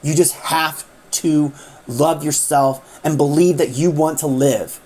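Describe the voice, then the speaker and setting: The Doctor, earnest male time traveler, low comforting voice; a woman reads him. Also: fairly even intonation, dark tone. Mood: earnest pleading. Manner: slow, insistent reassurance.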